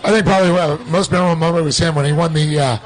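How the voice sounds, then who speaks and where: A man's voice: a little high, steady tone, rapid-fire, low-quality recording. Joking male race co-commentator. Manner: jokey, loose, with fillers.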